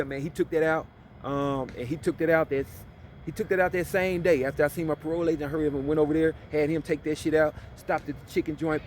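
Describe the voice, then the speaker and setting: A man's voice: mid-range voice, slight background noise. A middle-aged man from Illinois telling a personal story in a loose, slangy vlog monologue, leaning on "you know what I'm saying". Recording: loud music under the voice. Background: loud music.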